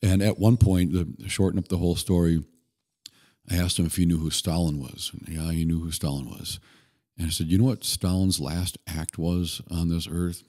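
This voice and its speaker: A man guest on a podcast, telling stories in an earnest, relaxed way with occasional restarts. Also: deep voice, normal speed. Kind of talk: conversational storytelling.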